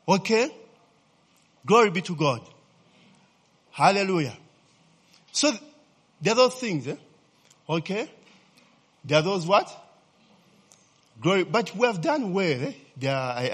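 A man's voice: a little high, a little slow, long pauses, husky. A male pastor preaching a sermon, calling out questions to the congregation and tagging lines with "eh?". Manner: animated, asks the congregation to fill in words, frequent "eh?" tags. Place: church hall. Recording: long reverb of a church hall.

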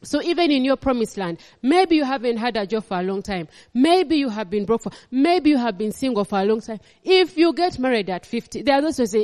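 A woman's voice: on the high side, big pitch swings, brisk, few pauses, darkish tone, long reverb tail. A woman pastor with a Ugandan accent preaching a sermon, emphatic and repeating her phrases.

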